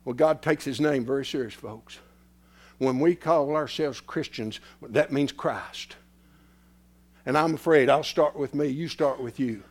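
A man preaching a sermon, swinging from loud declarations to hushed, near-whispered lines. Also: medium pitch, a little slow.

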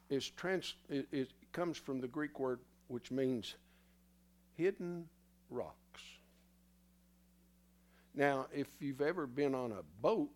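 A man preaching a sermon in a church in a folksy, teasing way, somewhat out of breath. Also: mid-range voice. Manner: folksy, teasing the congregation, spells words letter by letter.

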